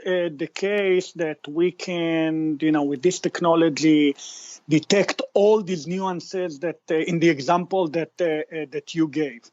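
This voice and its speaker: A fairly high-pitched man speaks in a measured, explanatory way, often stopping to restart and repeat a word before carrying on. His voice comes through a dull, slightly lo-fi remote line with no room echo. He sounds like a guest answering questions in a podcast interview. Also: fairly even intonation, a little mellow. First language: Hebrew. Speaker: tech company founder guest.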